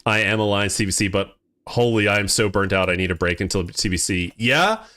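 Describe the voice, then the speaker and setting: A man streaming a game live, chatting casually with viewers, excitable, laughing often and swearing casually. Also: lowish voice, fairly quick. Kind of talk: casual live-stream chat while playing.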